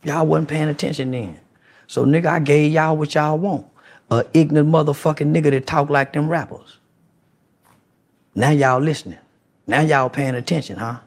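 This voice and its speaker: A man in a heated monologue, profane and confrontational, swinging between loud outbursts and low mutters. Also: fairly even intonation, normal speed. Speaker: internet commentator.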